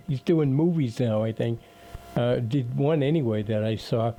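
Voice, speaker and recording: An older man hosting a local radio show, talking casually with frequent pauses and restarts. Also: mid-range voice, mellow. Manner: rambling, with many uhs and restarts. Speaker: radio host.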